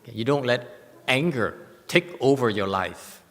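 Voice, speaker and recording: A man teaching meditation in an informal talk, speaking haltingly with many restarts and repeated words. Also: medium pitch, lively intonation, a bit bright. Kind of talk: informal dharma talk with questions. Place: meditation hall. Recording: long hall reverb.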